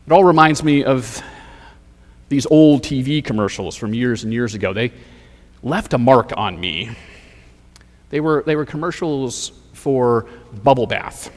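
A man preaching a sermon as pastor, measured and rhetorical, building points through repeated phrases. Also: medium pitch, expressive, long reverb tail.

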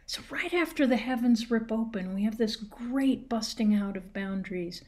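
A woman preacher delivering a sermon in a measured, emphatic way with dramatic pauses. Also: fairly high pitch, a little mellow.

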